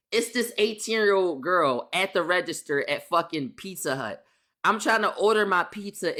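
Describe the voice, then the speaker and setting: Streaming a laid-back storytime, a young man speaks in a voice that sits high. He's lively and foul-mouthed, tossing out rhetorical questions and saying lines again to drive them home.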